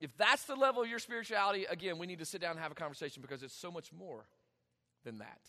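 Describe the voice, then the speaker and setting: A man preaching a sermon, emphatic, with dramatic pauses and sudden swings in volume. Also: sits high, pushed and bright, big-room sound. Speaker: pastor.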